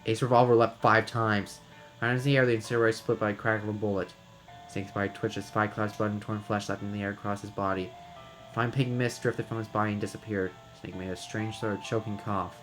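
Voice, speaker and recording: A man's voice: lowish voice, flat delivery, brisk, a bit bright, soft background music. A man reading a visual novel aloud dramatically, now and then stumbling over words. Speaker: game reader and narrator.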